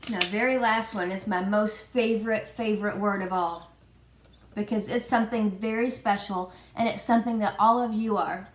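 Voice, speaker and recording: A woman preschool teacher giving a children's virtual lesson, prompting slowly in a sing-song way and spelling out letters. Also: medium pitch, steady tone, a little hiss or hum. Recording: echoey room.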